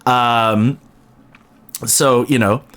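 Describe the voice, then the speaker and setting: A man streaming a video game, chatting casually and telling stories in an animated way, acting out other people's lines. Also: mid-range voice, extremely slow. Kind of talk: casual stream chat and storytelling.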